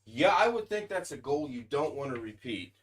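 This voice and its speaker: A man's voice: medium pitch, sing-song, moderate pace, a bit bright, slightly rough. Folksy joking male stream host. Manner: folksy, joking, says "doggone". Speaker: livestream host. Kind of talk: casual chat. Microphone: desk USB microphone.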